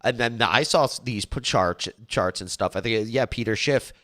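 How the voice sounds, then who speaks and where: A man's voice: mid-range voice, moderate pace, fairly bright tone, no room sound, clean studio sound. A man hosting a show, reacting to a clip in casual, rambling commentary with many restarts. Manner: rambling, with frequent restarts and fillers. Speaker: show host.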